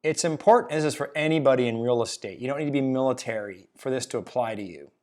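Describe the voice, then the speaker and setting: A man hosting his own video, talking casually, with an energetic, jokey and emphatic delivery. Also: mid-range voice, quick pace. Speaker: blogger and video host. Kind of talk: casual solo talk to camera.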